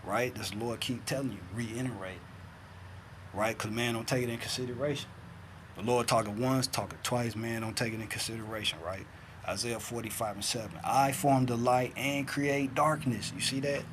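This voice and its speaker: A man's voice: fairly even intonation, fairly quick, background noise. A man giving an informal bible teaching in a streetwise, insistent way, often checking in with his listeners. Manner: streetwise, keeps adding "man" and "all right?"; insistent, swings from loud to low. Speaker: scripture teacher.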